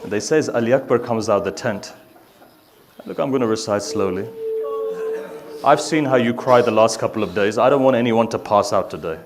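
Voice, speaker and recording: A man giving a mourning sermon, reciting slowly and rising to loud grieving cries. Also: on the low side, a crowd in the background. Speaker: Shia religious speaker.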